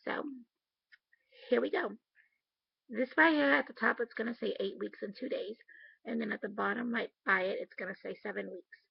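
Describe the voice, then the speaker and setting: Late at night at home, a vlogger speaks straight into her camera for a casual video diary, candid and emotional with the odd swear. Her fairly high voice is gravelly and husky, at a moderate pace with frequent pauses. The dry, close recording sounds dull and lo-fi.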